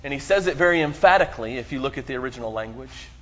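A man pastor delivering a sermon, preaching emphatically with dramatic pauses and quoting scripture. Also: animated, fairly bright tone. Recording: muffled low-fidelity sound.

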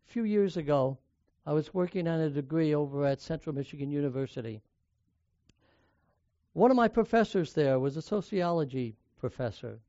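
An older man from the United States preaches in a fairly high voice, spinning personal stories and leaning hard into some lines while dropping others low. The recording is dry and a little muffled, with no room sound. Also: animated, moderate pace, warm tone, dry recording. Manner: conversational storytelling, varies volume for emphasis. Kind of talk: sermon with personal story.

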